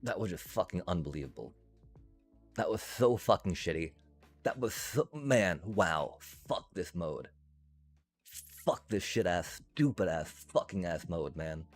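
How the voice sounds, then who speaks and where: A man's voice: deep voice, expressive, a little slow, faint music behind. A man streaming a card game, ranting and swearing in casual commentary. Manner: frustrated, swears constantly, rants.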